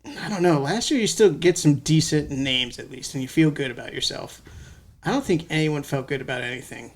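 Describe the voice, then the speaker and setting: A young man talking casually and jokingly about sports as a podcast guest, loose and quick to laugh. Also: a little high. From United States. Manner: loose, jokey, laughs easily.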